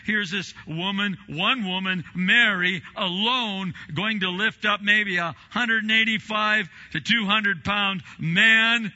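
Bright, animated male preacher. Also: slow, few pauses, lo-fi sound. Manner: animated preaching, acts out quoted voices with big swings in pitch and volume. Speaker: pastor. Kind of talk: sermon.

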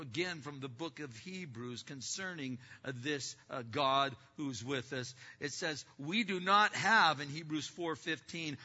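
High bright preacher in a reverberant hall. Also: male voice. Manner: preaching with sudden swings from loud to hushed; acts out distracted listeners in quick asides. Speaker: pastor. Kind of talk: sermon. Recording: dull lo-fi sound with long hall reverb.

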